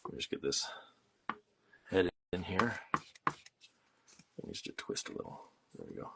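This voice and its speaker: A man's voice: deep voice, huge pitch swings, unhurried, vocal fry, noisy background. A man hosting a casual livestream from a home studio, explaining things in a rambling way with plenty of fillers while he works on art. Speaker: host.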